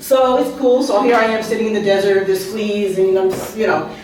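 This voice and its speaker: Speaking fairly quickly in a mid-range, slightly mellow voice, a woman in her fifties recounts amusing episodes from her life at an art venue open mic. The author keeps it chatty, with plenty of asides and questions aimed at the audience. She sounds distant in a strongly echoing room.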